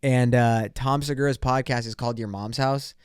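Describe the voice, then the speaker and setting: A man's voice: mid-range voice, fairly even intonation, normal speed, clean tone, no echo, clean studio sound. A young man hosting his own podcast, talking in a loose, profane, rambling way full of bro slang, acting out little scenes with cops. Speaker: podcast host. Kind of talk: casual solo podcast rant.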